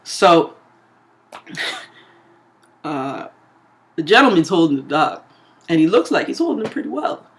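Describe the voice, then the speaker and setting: A woman vlogger telling a story in a casual, animated way, laughing often and acting out what people said. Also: low voice, takes it slowly, pauses often.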